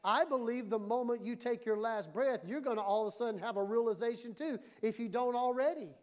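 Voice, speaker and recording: A woman's voice: fairly high pitch, brisk, darkish tone. A woman pastor preaching a sermon in a church, emphatic and conversational, often acting out the voices she quotes.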